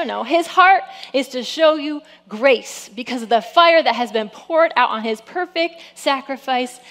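Animated woman preaching a sermon. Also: sits high. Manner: lively preaching, acts out quotes, frequent "come on". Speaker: pastor.

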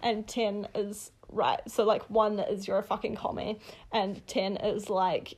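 A woman's voice: medium pitch, flat delivery, measured pace, slightly rough. A young woman co-hosting a podcast in casual chat, chatty and laughing often, with a casual swear here and there. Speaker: podcast co-host.

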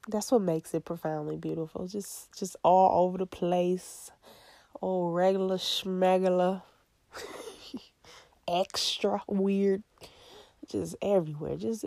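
A young woman hosts her own podcast in a loose, rambling solo chat. Her voice is gravelly with a dark, mellow tone, and her pace is unhurried. The sound is close and dry, with no room around it. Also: medium pitch, dry recording. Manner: rambling, chatty, laughs often, drifts into whispers. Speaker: podcast host.

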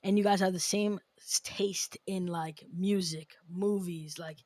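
A woman's voice: lowish voice, steady tone, measured pace, darkish tone, no room sound. A woman hosting a podcast, chatting casually and animatedly, laughing often as she talks. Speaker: podcast host.

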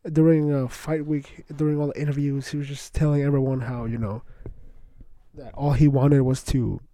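A young man hosting a podcast, rambling excitedly in casual slangy chatter, full of "bro" and "like". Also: mid-range voice, normal speed, no room sound. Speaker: podcast host. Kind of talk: casual solo podcast talk.

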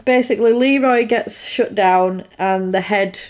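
A woman chats through a film's plot in a casual conversation. She keeps up a loose, easy flow. Now and then she slips into quick impressions of the characters' lines. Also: mid-range voice. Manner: chatty, retells scenes with quick quoted voices. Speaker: podcast co-host recapping a film. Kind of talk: casual chat.

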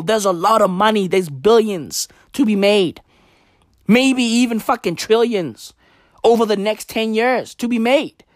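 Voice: mid-range voice, no echo, studio quality. A vlogger from Africa, ranting casually to camera in a profane, emphatic way and repeating points for effect. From South Africa.

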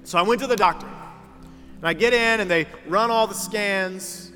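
A young adult man preaching a sermon in a large church, telling stories in a relaxed, conversational way and putting on the voices of the people he quotes. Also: high voice, moderate pace. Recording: reverberant hall with music underneath.

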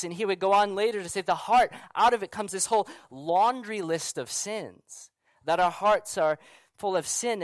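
A man's voice: a little high, no echo. Man preaching a conversational sermon. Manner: conversational preaching with frequent rhetorical questions and asides. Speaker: pastor.

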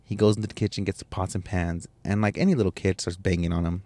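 A man's voice: low-pitched, fairly even intonation, fast, warm tone, dry recording. A young man hosting a podcast, telling a personal story in a candid, emotional, rambling way with restarts and swearing. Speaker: podcast host.

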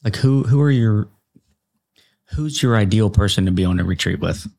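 A man with a fairly low voice hosting a relaxed interview. He asks curious follow-up questions in a loose, conversational way. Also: normal speed, vocal fry. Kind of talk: casual interview.

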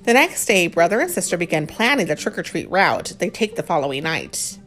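A woman reads a storybook aloud to children and stops to ask them questions. Her voice is animated, the pitch swinging widely. Soft music plays faintly behind her. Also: brisk. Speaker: parent reading aloud to children. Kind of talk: bedtime-style storybook reading with chat.

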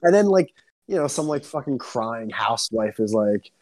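A young man co-hosting a podcast, ranting excitedly and swearing a lot in casual chat. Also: moderate pace. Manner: excitable ranting, heavy swearing, swings up high when worked up. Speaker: podcast co-host.

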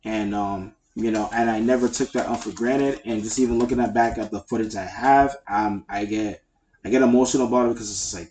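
A man's voice: fairly low pitch, steady tone, a little fast, darkish tone, slight background noise. A man co-hosting a podcast in casual chat, speaking in a heartfelt, rambling way with lots of fillers. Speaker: podcast co-host. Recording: echoey room.

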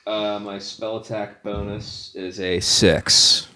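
A man with a lowish voice chats at a tabletop game with friends. He is playful and jokey, describing his moves and reacting to his rolls. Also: level tone, slow, bright, forceful tone. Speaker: player. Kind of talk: casual tabletop game chat.

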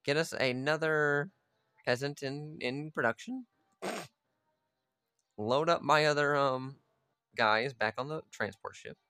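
A man's voice: fairly high pitch, slow pace, long pauses, pushed and bright, smooth, no echo, faint music behind. Man chatting casually over gameplay. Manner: chatty, swears freely, talks to his units. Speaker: gamer playing a strategy game.

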